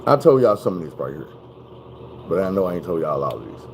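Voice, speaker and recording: A young man telling a story in a casual, animated, profane way. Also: low voice, fast, slight background noise, rough recording. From Arkansas.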